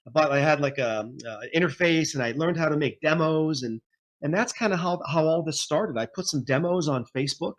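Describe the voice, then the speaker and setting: A man's voice: a little high, fairly quick. A man in his forties, a guest musician telling his story in a rambling, casual interview, laughing often.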